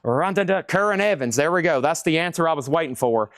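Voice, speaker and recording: An excitable man with a drawl calls out prices and bids for records on a live stream, slightly high-pitched for a man. He jokes and exclaims as he goes, and the sound is close and dry with no room around it. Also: fast, clear, resonant tone, no echo. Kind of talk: live auction patter.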